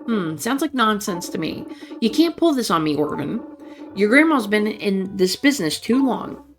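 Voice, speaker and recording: A doting, folksy grandma on a late-night phone call, as a woman reads her lines, tender and coaxing, with pet names for her grandson. Her voice sits at an ordinary middle pitch for a woman. Soft music plays faintly underneath. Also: big pitch swings, normal speed. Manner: tender, coaxing, calls him baby and child. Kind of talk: reading interactive fiction aloud.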